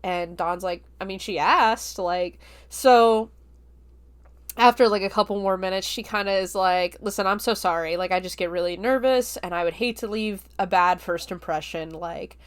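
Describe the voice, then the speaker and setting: A woman hosting a film review podcast, retelling the plot in a chatty, casual way full of fillers and quick laughs. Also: medium pitch, clear, resonant tone.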